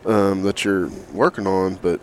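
A man interviewing a guest in a casual chat, speaking haltingly with many fillers. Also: low-pitched, fairly even intonation. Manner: halting, lots of fillers and short reactions.

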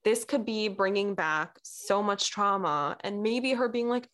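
A woman's voice: medium pitch, unhurried, few pauses. Young woman telling a story animatedly. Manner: animated storytelling, acting out quoted people; lots of "like" fillers, drops to near-whispers. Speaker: blogger. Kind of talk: casual chat.

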